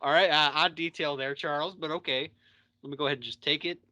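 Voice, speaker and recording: A man's voice: fairly high pitch, steady tone, fast talker, pushed and bright, no room sound. A young man hosting a podcast, chatting casually, recapping a show and acting out the characters' lines with swearing. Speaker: podcast host.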